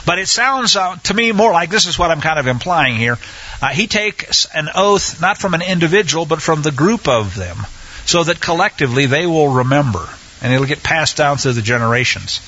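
A man teaching a Bible study in a conversational way, often pausing with fillers and restarting his sentences. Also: a little high, expressive, pushed and bright, breathy edge, highs cut off.

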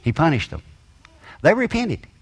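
A man's voice: a little high, huge pitch swings, normal speed, slightly rough. A man preaching a sermon with an emphatic, rising and falling cadence and folksy grammar.

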